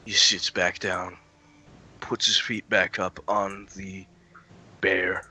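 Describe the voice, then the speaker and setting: A man narrating a tabletop game as game master, halting and searching for words. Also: low-pitched, flat delivery, sharp tone, husky.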